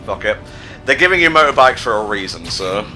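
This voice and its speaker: A man playing a video game while making sarcastic, deadpan jokes, swearing freely. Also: fairly low pitch, a little fast, soft background music. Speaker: player in a gameplay video. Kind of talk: casual gaming commentary.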